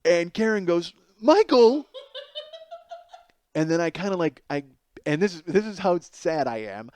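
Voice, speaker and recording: A man in his forties telling a comic story alone as a podcast host, animated and self-mocking, with plenty of swearing, going from loud outbursts to low mutters. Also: moderate pace, slight background noise. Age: 40s. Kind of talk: solo comedic storytelling.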